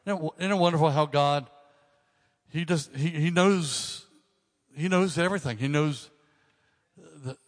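Joking older pastor in a church hall. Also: male voice, fairly high pitch, a little slow, pauses often. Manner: casual, joking asides. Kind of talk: sermon talk to a congregation.

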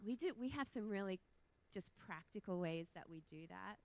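A woman's voice: medium pitch, expressive, normal speed. A young woman speaking as a guest at a church, bubbly and chatty. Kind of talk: sermon.

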